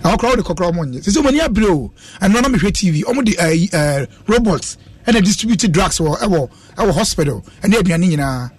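A man's voice: sits high, expressive, quick pace, breathy edge, no room sound. A man hosting a casual radio chat, joking and preaching in turn and switching languages as he talks.

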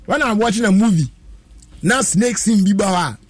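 A man's voice: sits high, fairly quick, dry recording. A man, telling a long story in a casual chat and laughing often as he goes.

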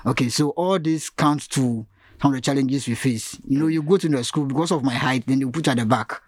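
Brief: man, interview guest, earnest and explanatory, mid pitch, dry close sound. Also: fairly quick, dry recording. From Ghana. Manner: earnest, explanatory, repeats phrases. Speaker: advocacy guest. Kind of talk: interview conversation.

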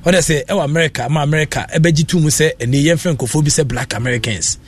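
A man's voice: fairly high pitch, quick pace, husky. A Ghanaian man hosting a radio show, giving rambling casual commentary that mixes Akan and English.

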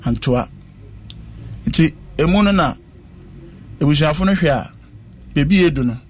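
A man recounting a personal ordeal in conversation, speaking slowly and earnestly. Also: fairly high pitch, animated. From West Africa. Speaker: interviewee.

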